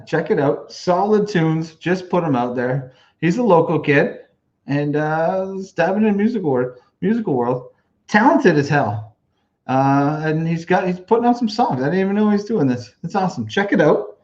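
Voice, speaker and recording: A man co-hosting a podcast in casual chat, reacting with quick exclamations and laughing a lot. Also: on the high side, expressive, a little mellow, muffled recording. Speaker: podcast co-host.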